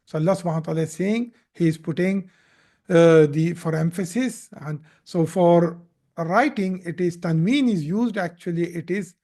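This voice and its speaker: A man's voice: a little high, moderate pace, warm tone. A man teaching Arabic grammar in a live recorded lesson, patiently explaining and repeating verb forms, sometimes stumbling over them.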